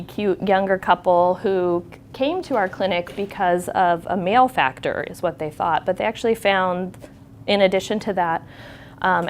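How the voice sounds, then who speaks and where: A woman nurse with a lowish voice speaks candidly to an audience, reflecting on stories from her clinic work. There's a slight hiss or hum on the recording.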